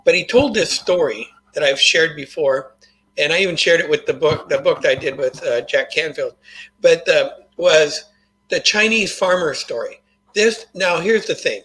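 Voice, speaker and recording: Older man, interview guest, folksy storyteller, earnest, fairly high, bright voice. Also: moderate pace, slight background noise, rough recording. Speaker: guest, motivational author.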